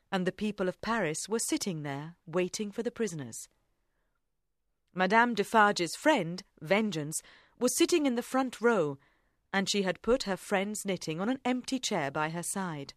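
A woman narrating an audiobook in a measured, even way. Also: medium pitch, no echo, clean studio sound. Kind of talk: audiobook reading.

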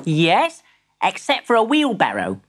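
A woman's voice: medium pitch, wildly swooping pitch, measured pace, slight background noise, pitched above the performer's own voice. A woman voicing an earnest, polite young boy. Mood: eager, earnest. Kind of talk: storybook voice acting.

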